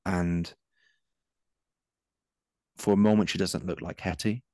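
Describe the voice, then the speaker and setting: Deep-voiced man running a tabletop game. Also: fairly even intonation, takes it slowly, dark tone, no echo, clean studio sound. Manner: descriptive, with frequent um and uh. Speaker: game master.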